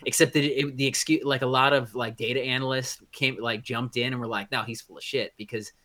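A man's voice: mid-range voice, fairly even intonation, a little fast, sharp tone. A man co-hosting a podcast, chatting casually, rambling with many restarts and a blunt edge. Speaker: podcast co-host. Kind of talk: casual chat.

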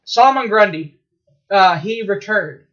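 A man in casual chat as a podcast co-host, telling stories in an excitable, rambling way with swearing and laughs. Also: sits high, a little slow, dull audio.

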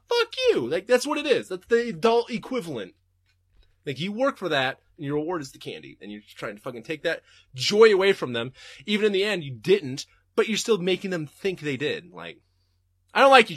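A young man hosting a podcast, answering listener questions in a casual, profane, animated rant from his home desk. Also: mid-range voice, no room sound, clean studio sound.

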